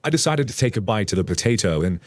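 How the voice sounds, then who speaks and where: A man narrating a story aloud and then chatting casually about it, with an animated, playful storytelling manner. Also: on the low side, fast talker, no echo.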